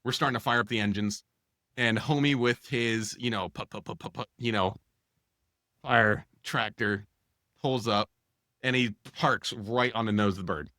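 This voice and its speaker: Bright-voiced man telling a story. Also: lowish voice, normal speed, no echo, clean studio sound. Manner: animated, acts out dialogue with lots of fillers. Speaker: podcast co-host. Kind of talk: casual storytelling.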